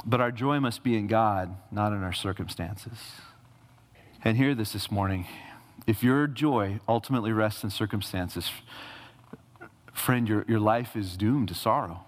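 A man's voice: fairly low pitch, unhurried. A male pastor preaching a sermon, asking rhetorical questions and repeating phrases for emphasis. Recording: reverberant hall.

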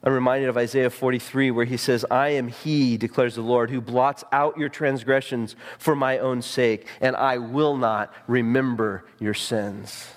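Brief: male preacher mid-sermon, soaring emphatic peaks and quiet low drops, long hall reverb. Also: steady tone, measured pace, hardly any pauses. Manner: rises to high ringing emphasis, drops to hushed low tones.

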